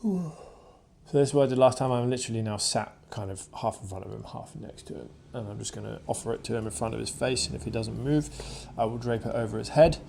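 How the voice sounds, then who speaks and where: A man working as a dog trainer, speaking calmly and softly as he gently coaxes a wary dog, recorded on a camera mic indoors. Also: fairly low pitch, quick pace, vocal fry, hardly any pauses, slight background noise. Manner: calm, soft-spoken, gently coaxing the dog. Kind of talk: casual running commentary during a dog session. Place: indoors, in a room with the dogs.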